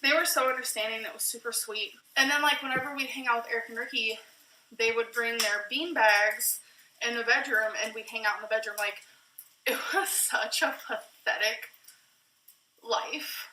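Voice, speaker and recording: A woman's voice: fairly high pitch, steady tone, normal speed, sharp tone, roomy sound, a little hiss or hum, low-quality recording. A woman talking candidly while cooking in a vlog, out of breath and self-mocking. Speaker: vlogger in a played clip.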